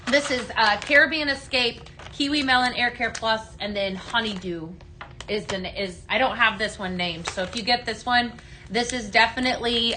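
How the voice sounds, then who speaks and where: A woman hosting a casual live product demo for her company, chatting and answering viewer comments in a halting way, with many fillers and restarts. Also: fairly high pitch, bright, forceful tone, a little hiss or hum. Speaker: company staff host of a live sales stream.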